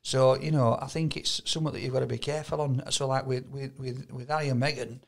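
Yorkshire man, gravelly, mid pitch, chatty podcast co-host who stumbles over his words. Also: steady tone, fast talker. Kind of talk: casual chat.

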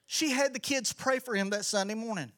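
A middle-aged man with a high voice speaks fairly quickly, giving an energetic, preacherly church talk as a children's ministry pastor. His delivery rises to emphatic shouts.

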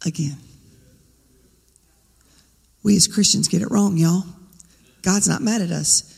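Gravelly woman preaching in echoing church. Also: medium pitch, fairly even intonation, moderate pace, darkish tone. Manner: conversational, rhetorical questions to the congregation. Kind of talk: sermon. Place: church sanctuary.

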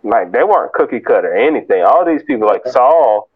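Young man, relaxed, joking, casual chat, dry close sound, dull lo-fi audio. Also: mid-range voice, fairly quick, dry recording. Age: young adult. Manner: laid-back, jokey, acts out scenes. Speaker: podcast co-host.

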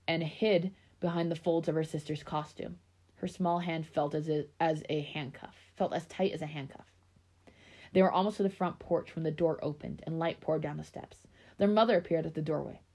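A woman's voice: low-pitched, a little mellow. A woman reading a spooky children's story aloud, with small slips and restarts. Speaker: reader of scary stories.

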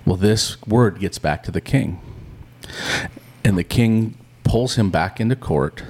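A man co-hosting a Christian podcast, teaching casually and telling stories in an animated, chatty way that acts out the lines he quotes. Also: lowish voice, takes it slowly, husky. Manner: chatty and informal. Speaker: podcast co-host. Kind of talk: casual conversational Bible teaching.

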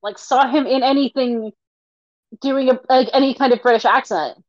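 Chatty higher-voiced woman co-host. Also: moderate pace, no room sound, lo-fi sound. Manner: chatty, leans on "like" as a filler. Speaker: podcast co-host. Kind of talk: casual chat.

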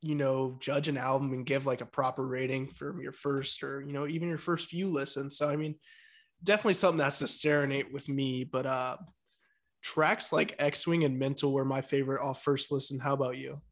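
A man co-hosting a podcast, talking in a relaxed, hesitant way with many fillers as he steers the conversation. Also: mid-range voice, brisk. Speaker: podcast co-host. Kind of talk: casual chat.

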